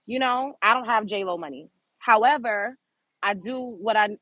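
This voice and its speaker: A woman's voice: mid-range voice, measured pace, a bit bright, no room sound, rough recording. A woman from Brooklyn, hosting her own show and ranting bluntly and profanely at her chat. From Brooklyn, New York. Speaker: show host. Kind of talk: unscripted commentary to a live chat.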